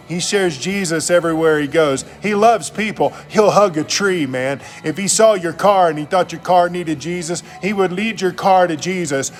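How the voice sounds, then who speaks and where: A middle-aged man, a pastor, telling stories in a casual, enthusiastic, slangy motivational talk. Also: sits high.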